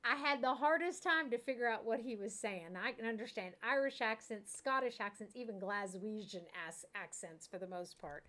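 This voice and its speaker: A woman's voice: a little high, expressive, moderate pace, hardly any pauses, a bit bright. A middle-aged woman chatting casually with viewers while streaming a farm sim, laughing often and talking to the game animals. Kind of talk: casual live-stream chat.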